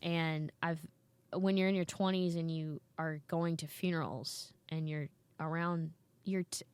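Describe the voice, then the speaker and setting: A comedian in her thirties, guesting on a podcast, chats casually and tells animated stories, acting out the voices of people she quotes. Her smooth voice sits a little low and moves at an unhurried pace. The audio is dry and close, with no room echo.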